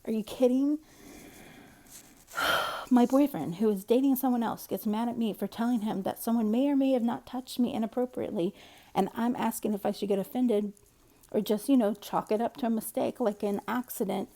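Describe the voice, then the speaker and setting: Mellow-voiced woman telling a story. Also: a little high, fairly quick. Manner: candid, rambling, conversational. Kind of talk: casual storytime monologue.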